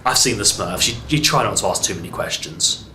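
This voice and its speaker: A man's voice: deep voice, animated, fairly quick, bright, forceful tone, echoey room, a little hiss or hum. An English man reviewing a film in an exasperated, sarcastic rant, swearing freely. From England. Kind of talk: ranting movie review.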